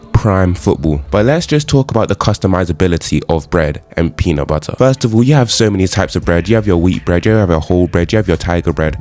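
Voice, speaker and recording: A young man talking casually and jokingly as he rates meals in a vlog. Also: sits low. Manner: joking, animated, slangy. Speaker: food vlogger.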